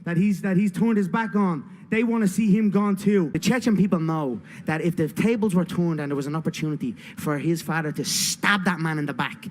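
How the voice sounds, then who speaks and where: Man, fighter at a press conference, high-pitched voice, loud provocative trash talk, long hall echo. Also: a little fast, few pauses.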